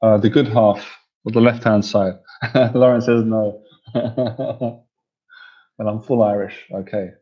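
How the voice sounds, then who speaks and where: A man's voice: lowish voice, steady tone, slow pace, breathy edge, muffled recording. A man hosting a casual livestream, reading viewer comments and cracking up with laughter, sounding tired. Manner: giggly, keeps cracking up laughing. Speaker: livestream host and coach.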